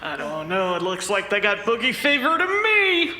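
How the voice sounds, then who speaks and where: A woman's voice: medium pitch, huge pitch swings, normal speed, sharp tone. A woman voicing a brash, punny bout announcer in a tabletop game, giving sports-style commentary. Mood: hyped. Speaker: fight commentator. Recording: roomy echo with long reverb.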